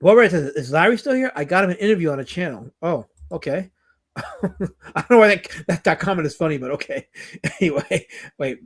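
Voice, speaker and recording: With a slightly high, husky, animated voice, a man hosts a livestream full of casual banter. He rants in indignant mock outrage, moves quickly and restlessly, and responds to chat messages.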